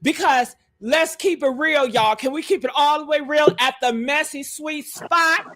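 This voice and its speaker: A woman doing livestream commentary in a high, bright voice. She talks slowly and deliberately, breaking into loud whoops and shouted exclamations. She keeps calling her audience honey and baby. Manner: calls listeners honey and baby. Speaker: streamer and commentator.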